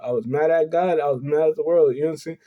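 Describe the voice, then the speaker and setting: Speaking rapid-fire in a fairly high register, a young man vlogs a heartfelt personal story, rambling and repeating himself along with the refrain "you know what I'm saying." The recording has its highs cut off.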